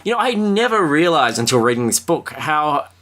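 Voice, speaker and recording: A man's voice: fairly high pitch, big pitch swings, moderate pace, fairly bright tone. A man hosting a podcast, chatting casually and reading aloud, with a dry, sardonic sense of humor. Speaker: podcast host.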